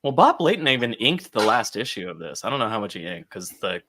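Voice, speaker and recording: A man's voice: fairly low pitch, sing-song, quick pace, bright, forceful tone, a little hiss or hum. A man co-hosting a casual comic book podcast chat, laughing often and acting out quoted lines. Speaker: podcast co-host.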